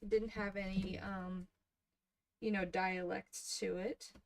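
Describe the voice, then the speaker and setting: A woman in her thirties hosting a crafting livestream, chatting softly and casually with her viewers while she works. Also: mid-range voice, flat delivery, slow pace, a little hiss or hum. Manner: soft-spoken, chatty, talks to viewers in the chat.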